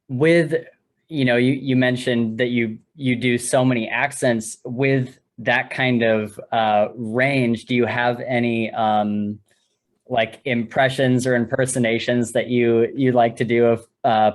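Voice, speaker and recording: A man co-hosting a podcast at a mid pitch. He asks his questions haltingly, with plenty of fillers along the way. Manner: halting, fills questions with ums and likes. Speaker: podcast co-host. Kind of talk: casual interview chat.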